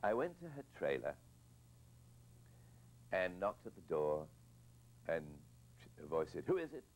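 A man's voice: sits low, big pitch swings, slow, rough recording. An older man, a film director being interviewed, telling reflective anecdotes with hesitant restarts and repeated words.

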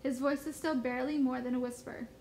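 A woman teacher reading a first-person novel aloud in a steady storybook manner. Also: sits high, fast, a little hiss or hum, rough recording.

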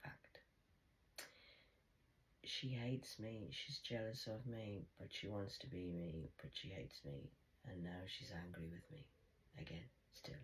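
Very low-voiced older woman. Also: a little slow, poor audio. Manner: bitter, muttering, blunt. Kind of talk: confessional monologue.

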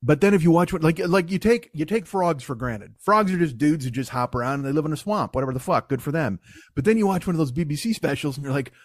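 A man's voice: on the high side, expressive, fast talker, no echo, clean studio sound. A man hosting a podcast, doing a comedic monologue that rambles and swears a lot. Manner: profane, rambling riffing. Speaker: podcast host.

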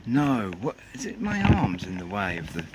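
A man's voice: fairly low pitch, wildly swooping pitch, normal speed, heavy background noise. A man from England rambling through a casual outdoor shoe review, joking and swearing under his breath as he films on a cold day. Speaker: sneaker reviewer.

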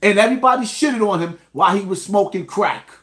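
A man with a fairly high voice delivers an indignant commentary rant, speaking straight to his viewers. His talk is emphatic, with pointed rhetorical questions. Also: expressive, a little fast, a bit bright. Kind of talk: ranting reaction commentary.

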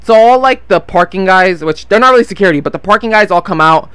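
Speaking quickly in a high-pitched, expressive voice, this nineteen-year-old man rambles through a long, casual story over his gameplay, cursing freely and forgetting names as his train of thought slips. The tone is a bit bright, clear and resonant, with no room sound, fitting a gameplay vlogger.

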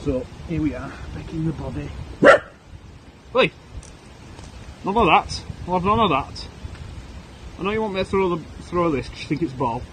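A man's voice: fairly high pitch, animated, normal speed, long pauses, fairly bright tone, rough recording. Sweary guy outdoors in snow. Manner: sweary, jokey running commentary to his dog. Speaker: podcast co-host. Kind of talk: casual vlog. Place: outdoors on a snowy street. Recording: outdoor camera audio with ambient noise. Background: outdoor ambience and a barking dog.

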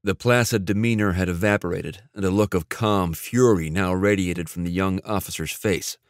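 A man reading a fiction audiobook in a measured storytelling manner. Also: deep voice, fairly even intonation, no echo, studio quality. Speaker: audiobook narrator. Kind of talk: scripted audiobook narration.

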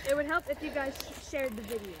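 A woman off camera making quick offhand remarks, heard faintly from far away. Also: high-pitched. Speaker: companion off camera. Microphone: far from the camera mic. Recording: distant voice with yard noise.

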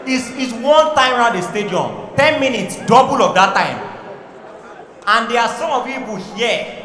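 A Nigerian man performs stand-up comedy with a high, bright, sharp voice. He is animated, throwing in pidgin and shouting his punchlines. The mic picks him up in a large hall with a long echo. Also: moderate pace, distant mic, a faint crowd. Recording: echoey hall from a live show.

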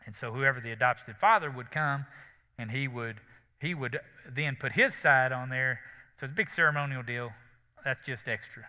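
A pastor in his thirties preaches in a loose, chatty way, talking straight to the congregation. His voice is very bright and forceful. It rings through a church hall with long reverb, heard through somewhat dull, lo-fi sound. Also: medium pitch, moderate pace. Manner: conversational, folksy preaching with asides to the congregation. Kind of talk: sermon. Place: church sanctuary.

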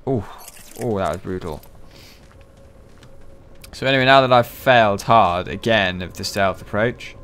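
A man giving profane, excitable, joking let's-play commentary. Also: on the low side, measured pace, long pauses, clear, resonant tone. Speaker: gaming channel host.

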